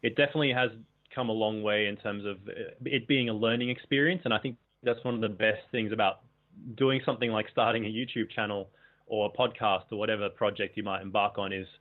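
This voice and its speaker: A man's voice: lowish voice, fairly even intonation, fast. A man from Australia talking casually and hesitantly over a remote call, trailing off with fillers as he answers. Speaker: fellow channel creator, guest. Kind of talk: casual interview conversation. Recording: tinny phone-like call audio.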